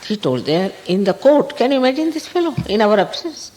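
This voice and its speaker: An older woman with an Indian English accent, a spiritual teacher telling a story in an animated way, chuckling and quoting others. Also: a little high, a little fast, low-quality recording. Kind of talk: storytelling talk.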